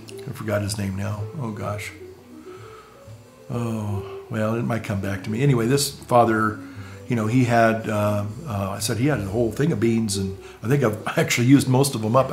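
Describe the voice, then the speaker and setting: A male priest telling a personal story in a casual, rambling way, repeating words and chuckling between phrases. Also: mid-range voice.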